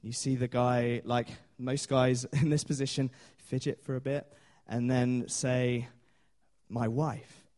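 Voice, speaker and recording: A man's voice: mid-range voice, flat delivery, a little slow, hardly any pauses, a little mellow. A man preaching a sermon in a chatty storytelling way, with many fillers and small laughs.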